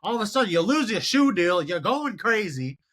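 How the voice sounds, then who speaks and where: A young man in his twenties runs a solo sports show with high, bright energy. His pitch swings widely as he runs through scores and vents his exasperation in a lively rant. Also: moderate pace. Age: 20s. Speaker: podcast host.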